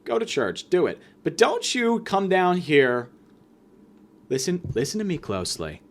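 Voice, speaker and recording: Animated, profane young man ranting. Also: high voice. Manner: animated, profane, sarcastic storytelling with quick asides. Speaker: podcast host. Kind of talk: comedic storytelling rant.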